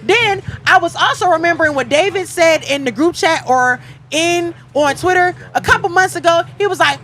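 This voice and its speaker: A woman giving an animated, casual recap of a race, playful and dramatic, acting out what runners might say. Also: extremely high pitch, moderate pace, hardly any pauses. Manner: playful, dramatic, acts out quotes. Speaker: track and field commentator. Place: outdoors at a stadium.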